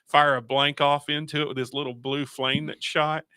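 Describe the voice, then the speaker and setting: A man's voice: on the high side, flat delivery, normal speed, pushed and bright, dry recording, clean studio sound. A man hosting a radio show in casual chat, rambling through stories with restarts and laughs. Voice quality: gravelly. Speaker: radio host.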